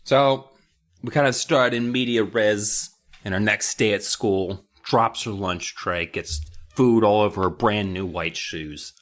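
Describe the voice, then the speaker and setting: A man casually recapping a book for a podcast, joking and swearing, slipping into quick character voices. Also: fairly low pitch, a bit bright. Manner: profane, jokey, acts out characters in quick voices.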